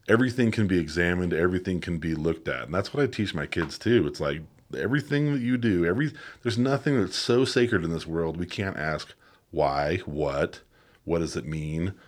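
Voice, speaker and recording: A man, a podcast guest, chatting casually and animatedly, often quoting himself and others. He is recording in a basement room. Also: sits low. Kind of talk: casual conversation.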